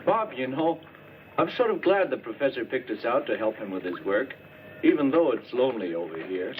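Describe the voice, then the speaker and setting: A man's voice: medium pitch, big pitch swings, a little fast, close to an everyday voice. An actor playing an easygoing man on an island work crew, teasing his partner. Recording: dull noisy old film soundtrack.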